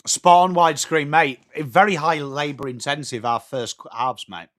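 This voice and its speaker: A man's voice: on the high side, normal speed, hardly any pauses. A young northern English man hosting a live fan watchalong, calling the play and chatting with viewers by name. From England. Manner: excitable, banters with viewers by name. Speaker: host of a fan watchalong stream. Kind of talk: live sports commentary mixed with reading chat.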